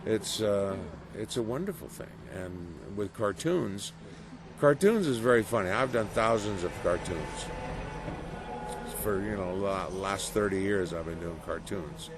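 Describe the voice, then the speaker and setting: Deep gravelly man, noisy background. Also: unhurried. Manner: animated storyteller, acts out quoted reactions. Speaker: voice actor guest. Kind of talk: casual interview.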